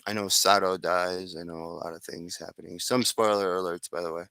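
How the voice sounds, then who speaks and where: Deep-voiced man rambling through a story. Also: steady tone, brisk, bright, forceful tone, clear, resonant tone, dry recording. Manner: rambling, with restarts and asides. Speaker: fan fiction storyteller. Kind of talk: improvised casual storytelling.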